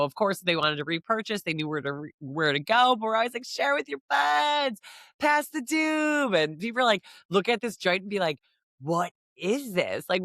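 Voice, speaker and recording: A woman's voice: lowish voice, a bit bright, no room sound, studio quality. A middle-aged woman from the American Midwest, a podcast host chatting casually, rambling and giggling as she acts out quoted lines. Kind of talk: casual chat.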